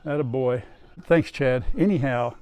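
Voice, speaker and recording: A man's voice: medium pitch, unhurried, mellow, clear, resonant tone, dry recording, highs cut off. An older man chatting casually outdoors on his farm, talking to his dogs and to the camera as he goes. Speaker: farm vlogger.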